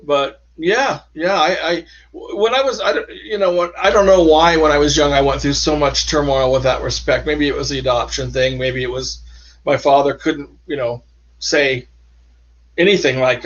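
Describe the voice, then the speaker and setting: A man, an author, telling personal stories as an interview guest, halting and restarting often as he talks. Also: mid-range voice, a bit bright. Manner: halting, with many restarts and trailing phrases. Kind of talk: casual interview storytelling. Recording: dull lo-fi sound.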